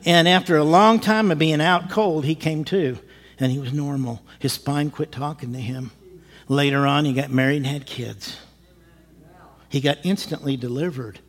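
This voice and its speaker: A male pastor telling a story in a sermon, lively and animated, acting out what people said and chuckling as he goes. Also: on the high side, moderate pace, long reverb tail. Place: church.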